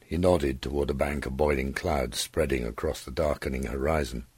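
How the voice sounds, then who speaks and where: A man narrating an audiobook story in a steady, expressive way on a close studio mic. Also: a bass voice, moderate pace, hardly any pauses, slightly rough, no echo. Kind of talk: scripted narration.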